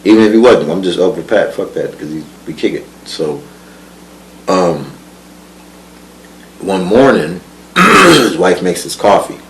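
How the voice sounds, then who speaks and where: A man's voice: deep voice, expressive, a little slow, pauses often, background noise. A man telling a life story in casual, profane slang, often laughing, repeating words and asking if you follow. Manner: profane, slangy, keeps asking "you know what I'm saying".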